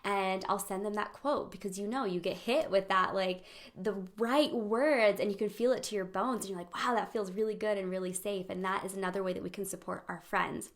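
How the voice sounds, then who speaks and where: A young woman hosting a casual live-streamed talk on friendship, animated, laughing often and acting out quoted voices. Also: medium pitch, a little fast. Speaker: host of a friendship training.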